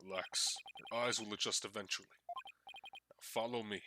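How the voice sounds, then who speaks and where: A man voicing a confident older male treasure hunter who talks to his young partner in a steady, fatherly way. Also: on the low side, normal speed, background noise, voice pushed down, lightly acted. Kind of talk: reading game dialogue aloud. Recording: loud game music behind.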